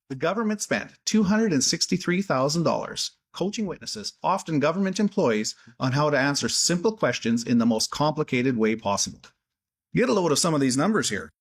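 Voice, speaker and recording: A man's voice: mid-range voice, big pitch swings, normal speed, no room sound. A man who is a member of parliament, delivering a scripted, sarcastic video address. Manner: sarcastic, exasperated.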